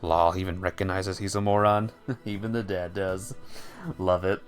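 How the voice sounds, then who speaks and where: A man's voice: deep voice, fairly even intonation, moderate pace, faint music behind. A man giving casual, wry commentary while playing through a game. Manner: wry asides. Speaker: let's-play host.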